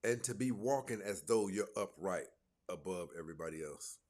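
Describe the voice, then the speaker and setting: A man hosts a reaction video in a fairly low voice that swings widely up and down. He mocks his subject and keeps laughing at his own jokes. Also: expressive, moderate pace, darkish tone. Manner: mocking, laughing, jokey asides. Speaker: commentary host. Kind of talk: reaction commentary.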